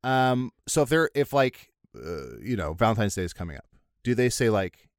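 A man's voice: lowish voice, sing-song, normal speed, dry recording, clean studio sound. An American man in casual podcast chat, jokey and rambling, poking fun at himself. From United States. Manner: jokey, rambling, self-deprecating.

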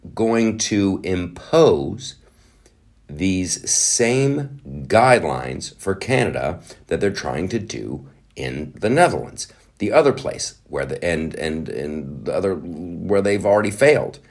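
A man hosting a podcast, ranting in sarcastic, animated commentary with swearing and quick mock voices. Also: deep voice. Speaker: podcast host.

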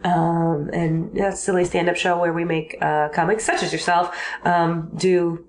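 A woman's voice: on the low side, level tone, measured pace, darkish tone, a little hiss or hum. Giggly, rambling Midwestern woman comic. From American Midwest. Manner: giggly, rambling, self-deprecating. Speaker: comedian guest. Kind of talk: casual podcast chat.

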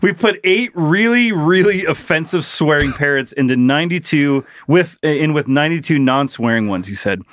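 A man's voice: on the high side, animated, normal speed, hardly any pauses, a bit bright, dry recording, clean studio sound. A man co-hosting a crude comedy podcast, reading odd news stories aloud and laughing through them. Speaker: podcast co-host.

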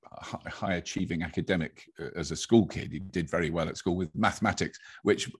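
Husky-voiced English man telling stories. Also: deep voice, fairly even intonation, a little fast. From England. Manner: chatty storyteller, frequent restarts and laughs. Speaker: guest. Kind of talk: casual conversation.

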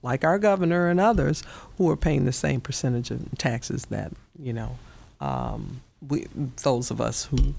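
A woman's voice: extremely low pitch, measured pace, vocal fry, darkish tone. A woman, a union leader guest, speaking earnestly and emphatically. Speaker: union vice president guest. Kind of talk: casual interview talk.

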